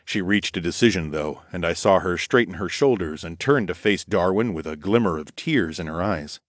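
Deep-voiced male audiobook narrator. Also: no room sound, clean studio sound. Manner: measured storytelling. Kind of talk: first-person audiobook narration.

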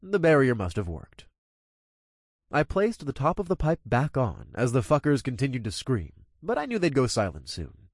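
Expressive man narrating a gritty story. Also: mid-range voice, normal speed, dry recording, clean studio sound. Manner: crude, coarse language. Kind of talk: first-person story narration.

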